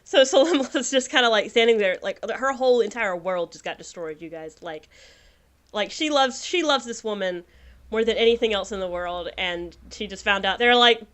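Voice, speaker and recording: A woman's voice: medium pitch, animated, moderate pace, fairly bright tone. Woman game master, casual narration. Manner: casual, lots of fillers.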